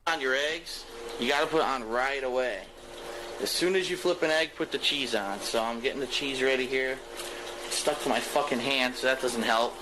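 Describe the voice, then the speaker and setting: A man's voice: medium pitch, moderate pace, noisy background. A man casually narrating each step as he cooks on a stream, rambling and swearing. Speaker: streamer cooking on camera.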